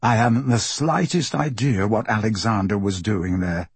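A man voicing an earnest, remorseful young male magician in an audiobook, speaking low and hushed. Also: moderate pace, husky, no echo. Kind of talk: audiobook character voice.

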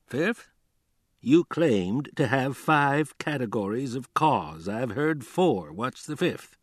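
A man voicing a patient, sleepy old judge in an audiobook, asking measured questions. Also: mid-range voice, animated, husky, no room sound, studio quality.

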